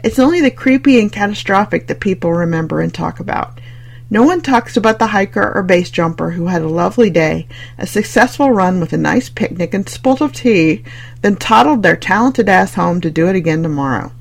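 At a fairly quick pace, this audiobook narrator delivers scripted fiction in a steady gravelly fry at an even middle pitch. The wry, conversational lilt shifts smoothly from setting the scene to voicing characters' thoughts.

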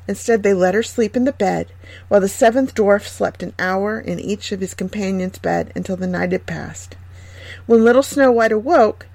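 A woman reading a fairy tale aloud in a gentle, measured way. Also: medium pitch, creaky, no room sound. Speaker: storyteller.

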